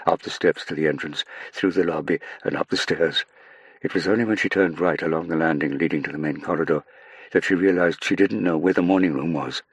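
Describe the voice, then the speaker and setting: Super low husky guy reading an audiobook, measured, dry close sound. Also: no echo. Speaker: audiobook narrator. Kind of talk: scripted narration.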